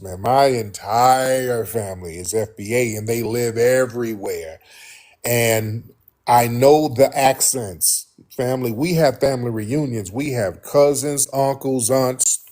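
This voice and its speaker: A man holds forth as a show host. His voice sits at an ordinary middle pitch. He speaks bluntly and with animation, circling back over the same points. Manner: animated, blunt, repeats himself. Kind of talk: casual monologue to listeners.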